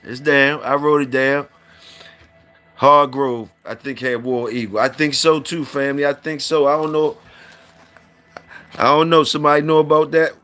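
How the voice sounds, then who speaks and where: A man's voice: a little high, steady tone, moderate pace, pauses often, a bit bright, clean tone. Drawling man hosting a livestream. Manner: loose, drawling, repeats himself, salutes viewers. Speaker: livestream host reading viewer comments. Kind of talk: casual livestream chat.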